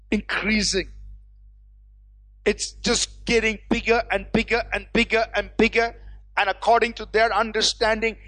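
A preacher works through a sermon at an unhurried, deliberate pace, pushing some phrases out loudly and dropping others to a hush. The congregation is urged to answer back, and soft music plays faintly underneath. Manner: swings between loud proclaiming and hushed low asides; call-and-response with the congregation.

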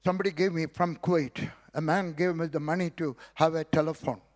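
An older Indian preacher man with a high-pitched voice and an Indian English accent. He delivers his sermon in rhythmic, repeated phrases, building up with calls of hallelujah. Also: fairly even intonation, brisk. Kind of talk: sermon with personal testimony.

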